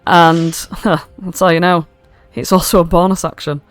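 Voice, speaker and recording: A woman's voice: fairly low pitch, steady tone, moderate pace, faint music behind. Swearing woman narrating as game master. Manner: casual and swearing, with many fillers. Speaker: dungeon master.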